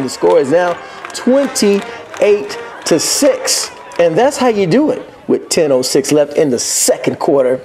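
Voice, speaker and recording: A man giving excited, jokey play-by-play over football highlight footage, whooping at big plays.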